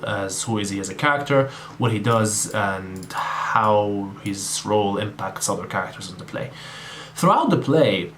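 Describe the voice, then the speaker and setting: A man's voice: lowish voice, fairly bright tone, slight background noise. A man tutoring on literature in a casual exam-prep lecture, talking straight to viewers with frequent ums and asides. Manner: casual, addresses viewers as guys, many ums.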